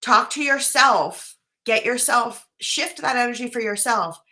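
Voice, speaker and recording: A woman's voice: on the high side, measured pace, bright, forceful tone. A woman life coach talking casually to her viewers, earnest and chatty, often checking in with "right?". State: briefly choked up at times. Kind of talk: casual talk to camera.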